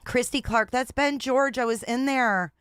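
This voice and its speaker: A woman's voice: on the high side, a little slow, fairly bright tone, clear, resonant tone, no room sound, clean studio sound. A woman hosting a casual livestream, talking in a blunt, repetitive and exasperated way. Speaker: livestream host.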